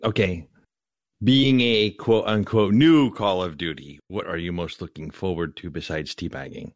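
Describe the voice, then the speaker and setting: Deep-voiced blunt joking man. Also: normal speed, no echo, clean studio sound. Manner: blunt, crude joking questions. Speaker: podcast co-host. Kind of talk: casual podcast chat.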